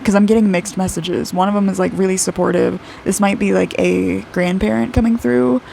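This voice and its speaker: A woman in her twenties talks through an intuitive aura reading as she draws, rambling and chatty with a steady stream of "like" and easy laughter. Her voice sits at an ordinary pitch with noticeable vocal fry, and a faint background hiss runs under the recording. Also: brisk. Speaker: aura reader and artist. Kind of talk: casual intuitive reading while drawing.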